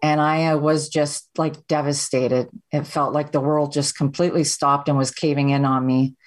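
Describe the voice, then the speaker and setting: A woman's voice: sits low, little pitch movement, normal speed. A Canadian woman, a podcast guest, candidly and steadily recounting her personal story.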